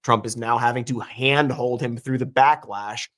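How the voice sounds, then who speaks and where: A man's voice: mid-range voice, steady tone, moderate pace, a bit bright. A man reading scripted political commentary in a sarcastic, mocking tone, played as a clip. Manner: sarcastic, dry mockery.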